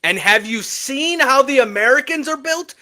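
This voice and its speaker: Sports podcast co-host, male, high and bright, playful and emphatic. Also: moderate pace. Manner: animated, joking, emphatic trash talk. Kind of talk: casual sports podcast chat.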